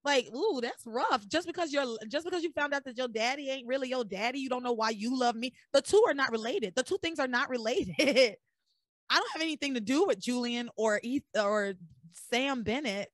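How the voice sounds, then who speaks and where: Animated woman podcast host. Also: sits high, fairly quick, no echo, clean studio sound. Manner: animated, blunt, swears and laughs. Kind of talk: casual recap chat.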